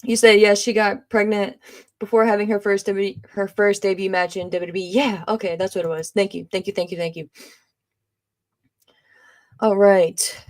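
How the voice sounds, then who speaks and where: A woman's voice: medium pitch, fairly even intonation, moderate pace, pauses often, darkish tone. A woman hosting a live podcast stream, reading viewer comments aloud in a loose, chatty way, laughing often and making exasperated asides. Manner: exasperated, eye-rolling asides. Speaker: podcast host.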